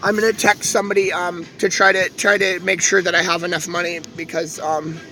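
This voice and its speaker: A man's voice: high-pitched, level tone, brisk, pushed and bright, faint music behind, low-quality recording. A young man streaming live, talking casually in a rambling, earnest way and pleading with his viewers.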